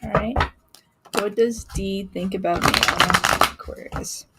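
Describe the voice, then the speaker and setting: A woman giving a live-stream tarot reading in a chatty way, laughing often and filling pauses with ums. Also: mid-range voice, steady tone, very noisy. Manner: chatty, laughing, many fillers. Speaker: tarot reader.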